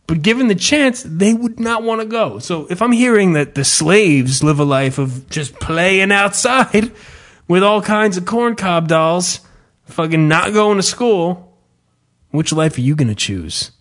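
Brief: male podcast host, sarcastic and swearing, lively pitch swings. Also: unhurried. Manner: profane, sarcastic, animated. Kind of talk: casual comedic storytelling.

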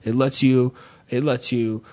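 Speaking unhurriedly at a medium pitch, this man delivers a casual comedic rant about the petty irritations of daily life. His swearing is theatrical, and he throws in mock-shouted quotes with plenty of animation.

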